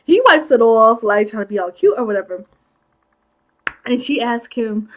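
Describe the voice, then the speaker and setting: A woman with a high voice gives a casual movie recap. She chats in an animated way and pads her sentences with "like". She laughs a lot as she goes. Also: normal speed. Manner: animated, chatty, laughs often, acts out characters' lines; many filler "like"s. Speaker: movie commentary host.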